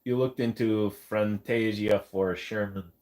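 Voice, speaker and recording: A man's voice: lowish voice, steady tone, a little slow, a little mellow. A man hosting a livestream, answering chat comments in a loose, rambling, joking way. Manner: rambling, joking, lots of fillers. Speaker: live stream host. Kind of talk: casual live chat reading comments.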